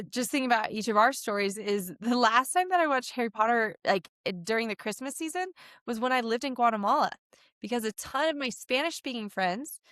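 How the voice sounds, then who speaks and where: A woman in her thirties co-hosting a podcast, chatting in an animated, casual way with lots of filler words. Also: on the high side, no room sound, clean studio sound. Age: 30s. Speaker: podcast co-host. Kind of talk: casual conversational chat.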